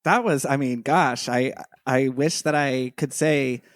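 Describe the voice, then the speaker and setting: A man's voice: mid-range voice, a little slow, dry recording, clean studio sound. A man co-hosting a casual podcast, rambling enthusiastically with lots of fillers. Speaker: podcast co-host.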